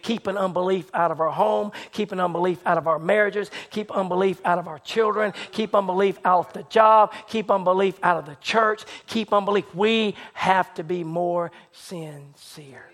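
A man preaching a sermon who retells a story dramatically, rising to excited shouts and dropping to hushed low passages. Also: brisk, few pauses.

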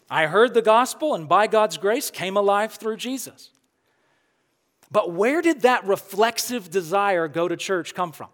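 A high-pitched man preaching in a sermon, earnest and emphatic, pressing his point home with questions to the congregation. His voice carries through a long, ringing hall reverb, the kind a church sanctuary gives. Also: a bit bright. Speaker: pastor.

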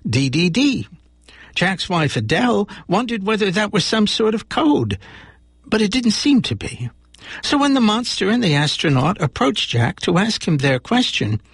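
A man's voice: a little high, breathy edge, dry recording, studio quality. A man hosting a radio show, reading a children's story aloud with voiced characters. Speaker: radio host.

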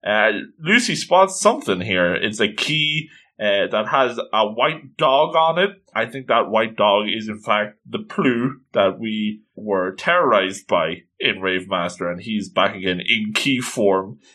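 A playful man recapping an episode of a cartoon, chatty and full of asides. His voice is bright, and his pitch leaps around a lot. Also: lively intonation, a little slow, hardly any pauses. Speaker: anime recap host.

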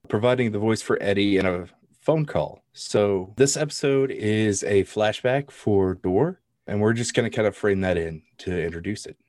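A man with a fairly low voice hosts and narrates a tabletop role-playing game. He talks in a relaxed, conversational way, and the recording is close and dry. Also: no echo. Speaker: game master.

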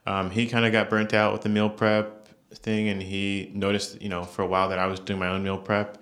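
Low-voiced man telling stories casually. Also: a little fast. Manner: relaxed, animated retelling with laughs and quoted voices. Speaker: private chef, interview guest. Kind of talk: casual conversational storytelling.

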